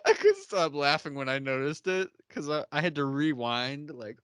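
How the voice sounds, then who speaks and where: A man's voice: a little high, huge pitch swings, slow, pauses often, fairly bright tone, dry recording. A young man hosting a podcast, chatting casually and laughing often as he acts out characters' lines. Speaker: podcast host. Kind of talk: casual chat recapping a TV episode.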